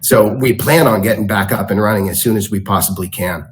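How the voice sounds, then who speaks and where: A man presenting to a school board, speaking in a measured way with frequent fillers. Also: lowish voice, low-quality recording. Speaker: school district official presenting. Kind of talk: formal presentation at a board meeting.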